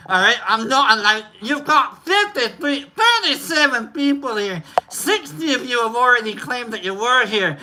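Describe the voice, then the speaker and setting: Brief: male streamer, fake drunk Scottish accent, rambly and profane, very bright sharp tone, swooping pitch. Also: lively intonation, moderate pace. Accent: put-on drunk Scottish accent. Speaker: livestream host. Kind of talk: casual livestream chat.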